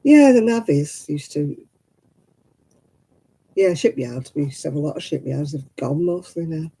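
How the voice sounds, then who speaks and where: A woman's voice: deep voice, expressive, unhurried, mellow, breathy edge, poor audio. An older woman, chatting casually with viewers on a livestream and rambling as she explains everyday customs. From England. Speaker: livestream host.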